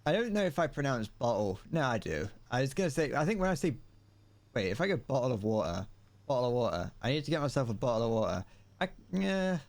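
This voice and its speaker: A young British man in his twenties talks casually over a video game from his room. He rambles from one joking aside to the next. His middle-range voice swings widely up and down in pitch. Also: sing-song, fast talker. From Britain. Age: 20s. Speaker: streamer. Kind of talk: casual gaming commentary. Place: home room.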